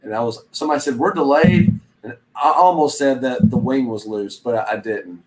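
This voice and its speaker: Man, mid-pitched voice, rambling casual live-stream chat, reselling channel host, reads out comments. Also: a little fast, a little mellow, rough recording. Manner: rambling, chatty, reads viewer comments aloud.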